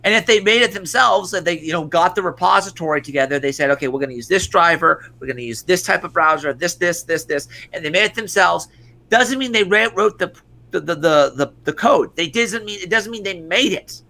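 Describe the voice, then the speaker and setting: A man's voice: high voice, brisk, creaky, bright, forceful tone. A man co-hosting an online show, ranting in profane casual commentary full of stumbling restarts. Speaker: stream co-host.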